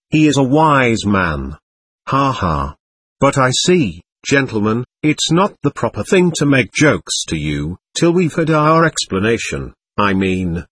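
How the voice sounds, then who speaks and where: A man voicing an excitable, proud nobleman under police questioning, talking on and on in a defiant way. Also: mid-range voice, breathy edge, dry recording, heavily acted. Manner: voluble, defiant, laughing nervously.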